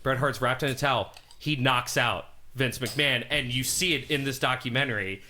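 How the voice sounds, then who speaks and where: An English Canadian man with a bright, ringing voice tells stories on a podcast. He talks at an even middle pitch, full of energy, and breaks into laughs. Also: normal speed, a little hiss or hum. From Montreal, Canada. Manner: animated storytelling, laughs often. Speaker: podcast co-host. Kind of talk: casual chat.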